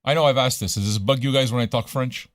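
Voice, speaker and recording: This is a man, hosting a loose, chatty radio stream. His talk is full of swearing and wandering asides, with easy switches into French. His voice sits at an ordinary pitch, recorded close and dry. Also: fast, dry recording. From Montreal, Canada. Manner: profane, rambling, switches into French. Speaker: radio show host. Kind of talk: casual livestream chat.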